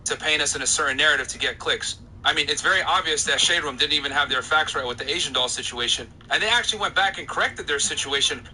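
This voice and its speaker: A man's voice: fairly high pitch, fast, hardly any pauses, sharp tone, low-quality recording. Young male podcast host, insistent, cutting edge to the voice, light hiss underneath. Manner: insistent, talks over interruptions. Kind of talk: heated podcast argument with a caller.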